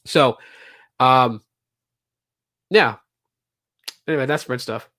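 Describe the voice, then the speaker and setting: A man's voice: medium pitch, slow, bright, forceful tone, no echo, clean studio sound. A man hosting a casual solo podcast, telling stories in a rambling way full of fillers and restarts, and acting out what customers said. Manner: acts out quoted customers and reps. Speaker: podcast host.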